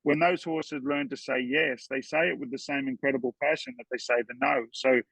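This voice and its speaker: A man's voice: medium pitch, steady tone, brisk, gravelly, a bit bright, no room sound, poor audio. A man guesting on a podcast, telling heartfelt stories in an earnest way and often repeating words as he goes. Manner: earnest, storytelling, repeats words when moved. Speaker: horseman guest.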